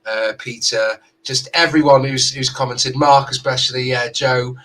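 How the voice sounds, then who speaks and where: A man's voice: mid-range voice, steady tone, moderate pace, a bit bright, far from the mic. A man with a generic southern English accent, co-hosting a casual fan chat and rambling with many fillers. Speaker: co-host of fan channel.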